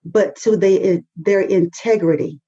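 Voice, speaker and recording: A woman's voice: mid-range voice, measured pace, dark tone, husky, dull audio. A woman, a guest on an interview show, speaking with fervent, emphatic conviction and repeating phrases for effect. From North Carolina, US. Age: 50s. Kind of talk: podcast interview.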